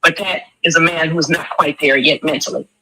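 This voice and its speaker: A woman makes her case in a rapid stream. Her voice is bright and forceful, and she talks emphatic and preachy, full of rhetorical questions. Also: sits low, fairly even intonation, husky, dry recording, poor audio. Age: 40s. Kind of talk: impassioned commentary.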